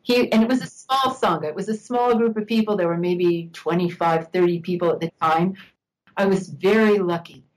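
An older woman, an interview guest, telling a personal story in a reflective, unhurried way, laughing now and then. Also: mid-range voice, poor audio.

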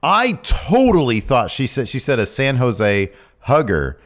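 A man co-hosting a casual wrestling chat, reading listener questions and joking around. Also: medium pitch. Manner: lively, joking, quick asides. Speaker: podcast co-host.

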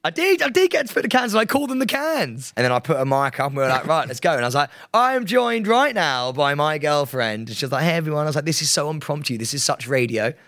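Man, podcast co-host, slightly high voice, laughs a lot, dry close mic. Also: big pitch swings, very fast, few pauses, fairly bright tone, no room sound. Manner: jokey, laughs often, puts on voices. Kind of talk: casual banter.

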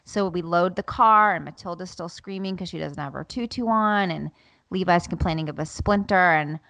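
Gravelly-voiced mom telling animated stories. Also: female voice, on the low side, normal speed, no room sound. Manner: animated storytelling, acts out her kids' voices. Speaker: podcast co-host. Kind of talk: casual chat.

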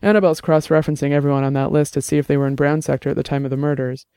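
A man's voice: on the high side, little pitch movement, racing, mellow, smooth, no room sound, studio quality, natural voice. A man voicing an earnest, plain-spoken young detective.

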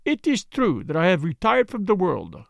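A man's voice: sits high, wildly swooping pitch, normal speed, vocal fry, no room sound, full character voice. A man putting on a formal, courteous retired detective. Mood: modest.

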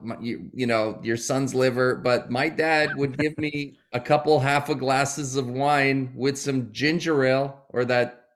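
A man, a comedian guest, chatting casually and telling animated stories with a lot of laughter. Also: medium pitch. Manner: animated storytelling, laughing often. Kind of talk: casual chat.

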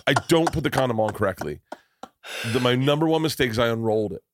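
A man's voice: medium pitch, expressive, quick pace. Self-deprecating man telling a rambling story. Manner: rambling, self-deprecating, lots of restarts and laughs. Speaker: podcast host. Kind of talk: casual comedic storytelling.

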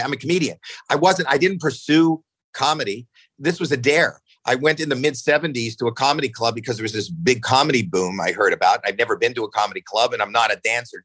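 A man in his sixties telling stories casually on a podcast, animated, jumping into acted-out quotes, swearing freely, often restarting his sentences. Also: husky, dry recording, poor audio. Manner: animated, acts out quotes with jumps in pitch. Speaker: podcast guest. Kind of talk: casual storytelling chat.

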